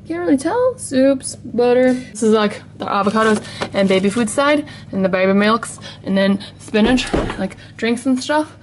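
A young woman vlogs casually at home, walking from room to room as she rambles to camera and laughs often. She speaks at a moderate pace in an expressive, rather high voice, with a little hiss or hum on the audio.

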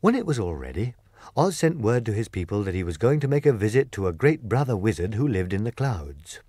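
A man narrating a classic children's story as an audiobook reader, expressive and clear. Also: fairly low pitch, fairly quick, no room sound, studio quality. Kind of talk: storybook reading.

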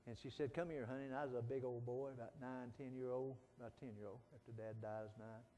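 A middle-aged man, preaching a folksy sermon that swings from soft pleading to loud fervent calls. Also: medium pitch, flat delivery, quick pace, a little hiss or hum. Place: church sanctuary. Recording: long church reverb.

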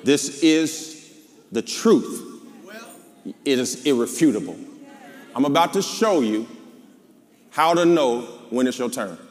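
A man with a Southern American accent, a pastor preaching a sermon, calling out to the congregation and then dropping into low asides. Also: animated, slow pace, pauses often, big-room sound. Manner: call-and-response preaching, swings from shouting to low asides. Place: large church before a live congregation. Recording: live church with crowd and noise. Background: congregation responding.

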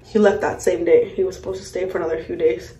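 A woman's voice: fairly low pitch, flat delivery, fast, dark tone. A young woman, a mother, telling a story in a casual vlog while doing her makeup, blunt, profane and exasperated. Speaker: vlogger, mother. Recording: echoey room.

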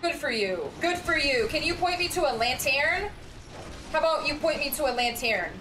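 A young woman streaming a horror game, reacting loudly with lots of swearing and jumpy outbursts. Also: high voice, lively intonation, normal speed, noisy background. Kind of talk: live game commentary.

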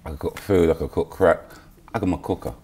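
Brash deep-voiced man joking. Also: brisk, slightly rough. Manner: loud teasing, swings into shouts and whispers. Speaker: comedian dating show contestant. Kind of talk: brash comic banter.

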